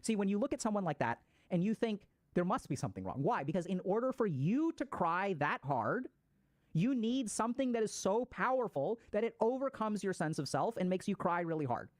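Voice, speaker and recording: A man's voice: high voice, sing-song, moderate pace, no room sound. A man giving a casual explanatory talk on mental health, swearing freely and acting out people's reactions.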